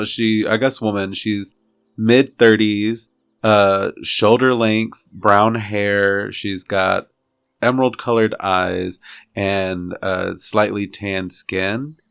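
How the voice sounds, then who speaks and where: A man's voice: fairly low pitch, creaky, clear, resonant tone, dry recording, studio quality. A man from Texas playing a tabletop game, describing things in a laid-back, rambling way. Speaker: player. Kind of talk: tabletop role-play.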